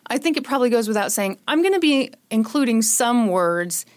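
A woman's voice: fairly high pitch, very animated, a little fast. A young woman hosting a podcast, telling a true-crime story in a casual, sarcastic way. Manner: sarcastic, joking. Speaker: podcast host.

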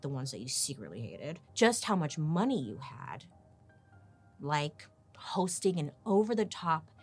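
A woman's voice: lowish voice, fairly bright tone, husky. A woman hosting a podcast, telling history in a sarcastic, casual way and swearing freely. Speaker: podcast host. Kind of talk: casual storytelling chat.

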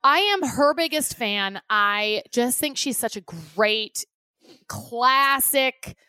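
A woman's voice: a little high, animated, slow, pushed and bright, smooth, dry recording. A woman co-hosting a podcast in casual chat, chatty and gushing, recording from home apart from her co-host.

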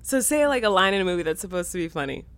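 A woman in her thirties co-hosting a podcast, chatting in a giggly, animated way and bossing her partner through a silly challenge. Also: fairly low pitch, racing, dry recording. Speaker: podcast co-host. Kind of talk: casual chat.

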